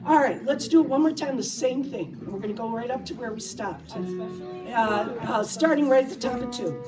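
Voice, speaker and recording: A woman directs a large choir in a rehearsal hall, brisk and chatty and quick to laugh. Her voice sits a little high and comes from well off the mic. Loud choral singing and guitar fill the room behind her. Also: lively intonation, distant mic. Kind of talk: rehearsal instruction.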